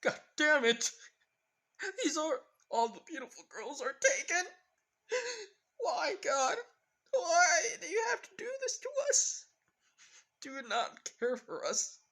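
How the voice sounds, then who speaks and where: A despairing teenage boy, as a male narrator puts him on, wailing at the top of a high, strained voice and shouting skyward. Bright and piercing, with wide swings in pitch. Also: very animated, takes it slowly, pauses often, heavily acted. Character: loud lovestruck teenage boy hero, wailing.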